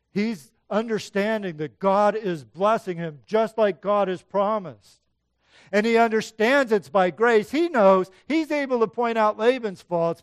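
A man with a fairly high, smooth and resonant voice preaching a sermon. He teaches in a relaxed, conversational way and acts out the passages he quotes. The sound is dry and close, with no room echo. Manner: conversational Bible teaching, dramatizing quoted lines. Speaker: pastor.

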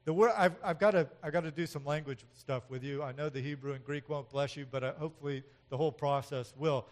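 A man preaching a sermon in an animated way, swinging from loud emphatic outbursts to quiet asides, with frequent chuckles. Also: fairly high pitch, quick pace. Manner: chuckles often between points. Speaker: pastor.

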